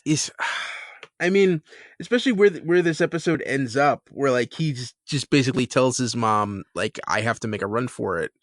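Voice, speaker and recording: A podcast co-host with a mid-range, fairly bright voice chats casually, rambling with many restarts and laughs. The recording is studio quality with no room sound.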